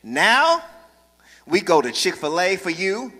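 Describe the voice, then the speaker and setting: A man pastor preaching a sermon with call-and-response, building to loud, passionate delivery in a church sanctuary. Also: fairly high pitch, lively intonation, moderate pace, in a large hall.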